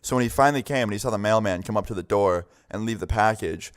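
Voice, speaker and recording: A man's voice: on the low side, quick pace, clean tone. A young man casually telling a story to his viewers, rambling with many fillers and acting out the people in it. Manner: rambling, many "like" fillers, acts out quoted voices. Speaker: vlogger telling a story time.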